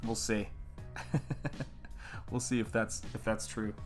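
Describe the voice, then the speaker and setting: A man's voice: on the low side, flat delivery, slow, faint music behind. A man from America hosting a casual art livestream, rambling and chatty as he greets viewers in the chat. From United States. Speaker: artist livestream host.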